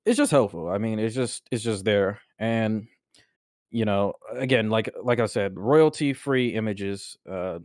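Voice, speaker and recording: A man co-hosting a loose, swearing podcast chat at a slow pace. His voice sits in a middle pitch and sounds dry and close, with no room around it. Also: dry recording. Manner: animated, swearing, laughing hard. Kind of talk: casual chat.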